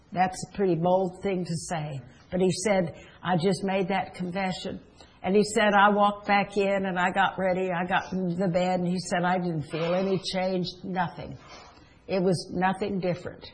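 A woman's voice: lowish voice, low-quality recording. Woman preaching an earnest sermon. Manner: earnest storytelling, retelling quotes and Bible stories.

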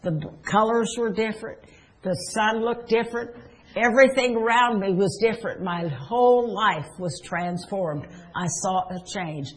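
A woman's voice: medium pitch, moderate pace, poor audio. A woman preaching a sermon, telling stories earnestly and retelling scripture and quotes.

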